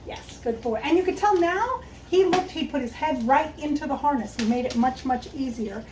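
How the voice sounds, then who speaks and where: High-voiced woman explaining dog training. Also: normal speed, noisy background. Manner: explains step by step while working with a dog, praising it softly. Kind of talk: instructional demonstration.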